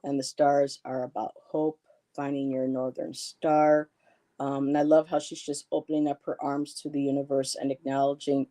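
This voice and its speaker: A tarot reader hosts a live stream, her voice extremely low, flat and dark, moving at a moderate pace. She chats casually while giving card readings, reading her chat's comments aloud, reassuring viewers and laughing often.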